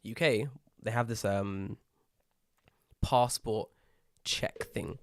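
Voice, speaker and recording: A young British man co-hosting a podcast, telling an animated, swear-heavy story in casual chat. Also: lowish voice, slow pace, gravelly, dry recording, clean studio sound. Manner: rising to loud exasperated outbursts. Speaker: podcast co-host.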